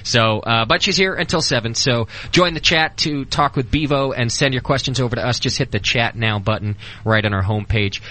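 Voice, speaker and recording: A man's voice: mid-range voice, fairly quick, few pauses, sharp tone. A man hosting a casual radio talk show from a studio, loose and joking, with many ums and uhs.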